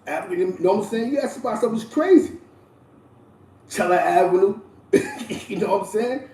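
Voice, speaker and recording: A New man hosts his own show, spinning street history in loose slang and stopping often for shout-outs. His voice sits a little high yet mellow. He is heard slightly off-mic in an echoey room. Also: lively intonation, moderate pace, distant mic. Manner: loose, repetitive slang-heavy delivery with frequent shout-outs. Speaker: host. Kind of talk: casual street storytelling commentary.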